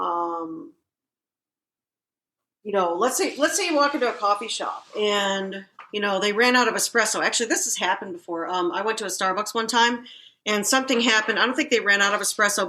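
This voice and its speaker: A mid-range female voice, rather quick, belongs to a casual podcast co-host. Her anecdotes come loaded with fillers, and she animates them by acting out the quotes.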